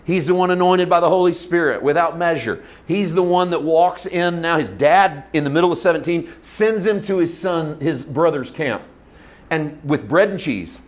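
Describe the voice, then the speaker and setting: A man teaching a Bible lesson, retelling the story in an informal, animated way and laughing often. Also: on the high side, moderate pace.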